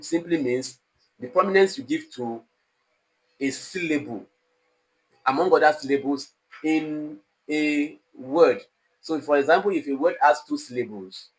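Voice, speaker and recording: A man lecturing an online exam-prep class, slow and deliberate, repeating example phrases with exaggerated rises and falls in pitch. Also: poor audio. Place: online class studio with a technician.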